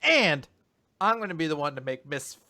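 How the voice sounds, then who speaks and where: Bright-voiced young man recapping casually. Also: on the high side, normal speed. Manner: rambling summaries with animated quoted voices. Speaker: podcast co-host recapping manga. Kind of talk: casual chat.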